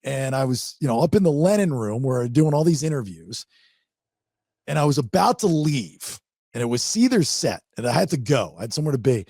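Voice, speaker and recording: A man who hosts a radio and podcast show, chatting casually and telling animated stories from his years in radio. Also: mid-range voice, fairly quick, creaky, slightly rough, no room sound. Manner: animated storyteller, rising excitement in anecdotes. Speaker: radio host. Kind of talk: casual podcast chat, storytelling.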